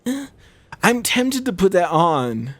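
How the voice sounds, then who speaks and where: A man's voice: sits high, big pitch swings, takes it slowly, no room sound. A young man chatting casually over a game he is playing, rambling with many fillers and restarts. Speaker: gaming channel host. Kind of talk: casual let's-play commentary.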